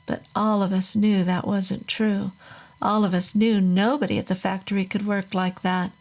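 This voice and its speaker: A woman reading a first-person horror story aloud in a measured, unhurried storytelling manner. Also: mid-range voice, level tone, darkish tone, rough recording. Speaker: narrator. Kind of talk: scripted horror story narration.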